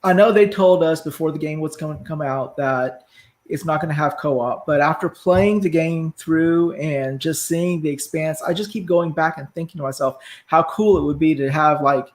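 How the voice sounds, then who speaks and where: A man's voice: on the high side, normal speed. A man as a guest on a casual gaming podcast, joking with crude humor.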